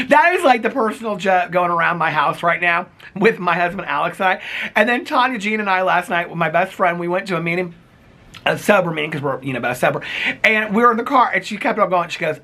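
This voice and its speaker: Middle-aged male vlogger, bright forceful voice, gossipy recap host who laughs a lot. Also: sits high, a little fast. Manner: animated and gossipy, laughs often, repeats catchphrases. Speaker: reality TV recap YouTuber. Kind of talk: casual chatty recap to camera.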